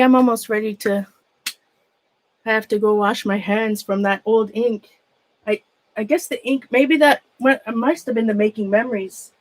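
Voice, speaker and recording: A woman with a fairly high voice talks casually to viewers who are watching her live. She drifts from thought to thought, often breaks off mid-sentence and starts over, and pokes fun at herself as she goes. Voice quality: rambling, trails off and restarts mid-sentence. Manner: chatty and self-mocking, laughs often. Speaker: craft room vlogger. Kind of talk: casual live-stream chat.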